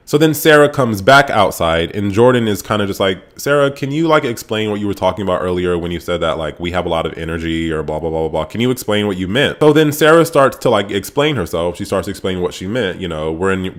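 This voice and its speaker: Brief: male vlogger, low-ish voice, chatty gossipy recap, swears freely, mimics quotes. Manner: animated, profane gossipy storytelling; acts out quotes in shifting voices. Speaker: vlogger reviewing a reality show. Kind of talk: casual recap vlog.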